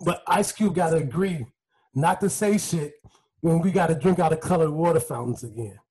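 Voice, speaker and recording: A man hosting a casual podcast chat, excitable and joking, often laughing as he talks. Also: fairly high pitch, moderate pace, husky, rough recording. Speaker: podcast host.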